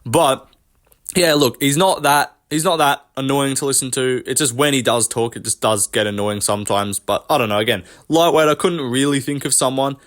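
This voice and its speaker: A man's voice: medium pitch, normal speed, a bit bright. A man in a casual commentary rant, rambling from point to point. He swears often and sounds dismissive of the people he talks about. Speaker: MMA commentary vlogger.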